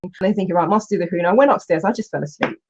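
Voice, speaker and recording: A woman, a coach telling stories in an animated way, with exclamations and restarts. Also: fairly low pitch, rapid-fire, husky, dull audio. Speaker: coach and Huna teacher. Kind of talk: storytelling in a recorded online session.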